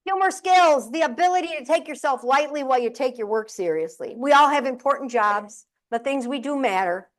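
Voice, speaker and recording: Middle-aged ny woman doing a funny keynote, acts out her family, voice a bit high. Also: lively intonation, brisk, hardly any pauses. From upstate New York. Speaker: keynote speaker and humorist. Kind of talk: humorous keynote storytelling. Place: conference room with audience.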